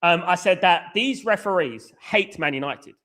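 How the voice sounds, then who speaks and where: Excitable male stream host, high and bright, chatty and repetitive. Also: normal speed. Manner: excitable, repeats phrases, reads chat aloud. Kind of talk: casual live stream chat.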